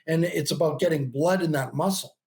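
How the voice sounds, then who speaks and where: A man in his fifties, a bodybuilding coach guesting on a podcast, telling stories in a chatty, animated way with lots of "you know" and frequent laughs. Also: on the high side, fairly quick, vocal fry. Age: 50s. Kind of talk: casual interview talk.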